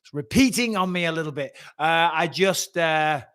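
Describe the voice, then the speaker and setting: A talkative English man with a slightly higher voice than most men, hosting a laid-back live Q&A over a webcam. He rambles, swears casually and answers comments as they scroll by, in a slightly echoey room at home. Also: moderate pace, a bit bright, clear, resonant tone. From England. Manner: chatty, swears freely, reads out viewer comments. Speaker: host. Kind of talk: casual livestream Q&A. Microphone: webcam livestream.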